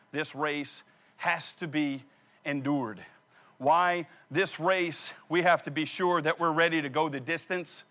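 Animated high-voiced male pastor. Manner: animated storytelling, repeats phrases for emphasis. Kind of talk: sermon.

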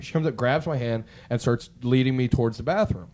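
A podcast co-host with a mid-range voice talks fast as he tells a long story in casual chat. He's animated, rambling, and profane, acting out what people said.

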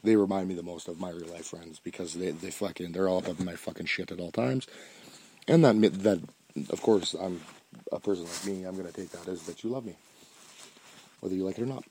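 A man's voice: low-pitched, fairly quick, warm tone, a little hiss or hum. A man hosting a solo podcast, rambling with constant swearing, frequent restarts and bursts of laughter, and sounding stoned. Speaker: podcast host.

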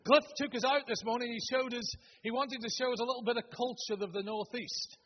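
A man in his seventies with a Stoke-on-Trent accent, opening a sermon with homely, humorous stories, often halting and restarting. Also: very high voice, fairly even intonation, a little hiss or hum. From Stoke-on-Trent, England. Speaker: preacher. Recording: dull, long-reverb hall recording.

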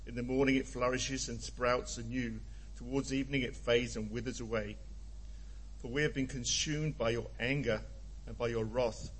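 A man in his seventies reading scripture aloud, halting and apologetic. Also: medium pitch, fairly even intonation, slight background noise, low-quality recording. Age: 70s. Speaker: scripture reader.

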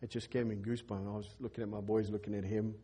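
Middle-aged male pastor, husky and mellow, animated sermon storyteller in church. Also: fast. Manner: animated storyteller, acts out dialogue with lifted pitch.

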